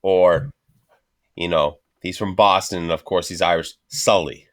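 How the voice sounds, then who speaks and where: Crude joking man, low voice. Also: steady tone, unhurried. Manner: crude, joking, heavy swearing. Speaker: podcast host. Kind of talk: casual profane banter.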